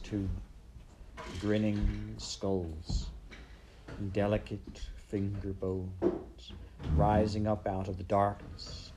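A man reading a children's storybook aloud in a dramatic, measured way. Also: lowish voice, noisy background. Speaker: audiobook narrator.

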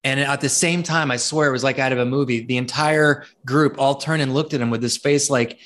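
Man, guest author, animated storyteller, stumbles and repeats words, casual interview. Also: mid-range voice, a little fast. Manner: animated, repeats words when starting sentences.

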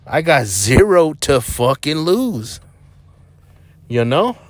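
A man's voice: fairly high pitch, very animated, slow pace, no room sound. Blunt, profane young man, dry sound. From Albuquerque, New Mexico. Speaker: podcast host. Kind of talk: casual rambling monologue. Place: parked vehicle.

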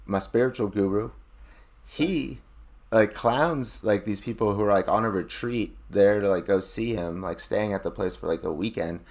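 A man with a fairly low voice talks casually on a podcast. He rambles, piles in filler words and swears freely. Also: moderate pace, darkish tone. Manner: rambling, lots of filler "like", profane. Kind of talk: casual chat.

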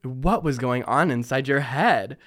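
A young adult man hosting a casual storytelling vlog, animated and often laughing as he quotes himself in higher voices. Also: a little slow.

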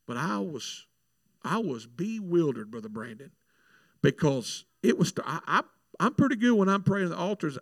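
Male preacher, testimony sermon, raised gravelly voice, animated storyteller, dry close sound. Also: on the high side, normal speed, dry recording. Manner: animated storytelling, repeats words. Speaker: minister praying at altars.

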